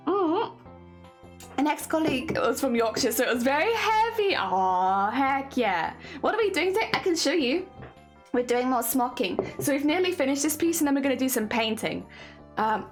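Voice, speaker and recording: A woman's voice: high-pitched, lively intonation, moderate pace. A young woman with a southern English accent, chatting casually with viewers on a stream and laughing often. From southern England. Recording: faint music behind.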